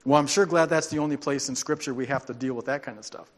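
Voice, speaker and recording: A man preaching a sermon as a pastor, animated and joking, acting out quoted voices. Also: mid-range voice, fast, in a large hall. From grew up on a farm.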